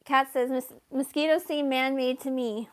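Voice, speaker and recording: Soft-spoken woman chatting on a livestream. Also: sits high, fairly even intonation, moderate pace. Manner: soft-spoken, chatty, baby-talks to her cat. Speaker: livestream host. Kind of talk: casual livestream chat, reading comments.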